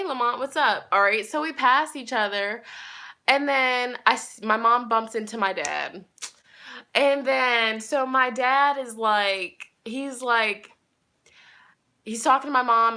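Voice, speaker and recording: Casting note: young woman, casual vlog storytime, chatty and rambling, bright and fairly high. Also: measured pace. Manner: chatty, rambling, talks to viewers directly. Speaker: tarot reader and vlogger.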